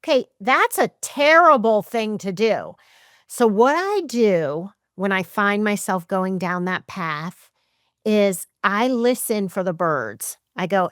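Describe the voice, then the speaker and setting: Chatty, smooth-voiced woman podcast host. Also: medium pitch, takes it slowly, no echo, studio quality. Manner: lively, chatty and emphatic, acts out her own thoughts. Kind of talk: casual podcast chat.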